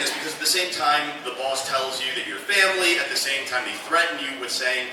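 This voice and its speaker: A man's voice: mid-range voice, a little fast, hardly any pauses, background noise. A man doing a stand-up routine on a club stage, telling dry, ironic stories with quoted asides. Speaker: stand-up comedian. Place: comedy club stage before a live audience. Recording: echoey club room, from a distance, audible audience.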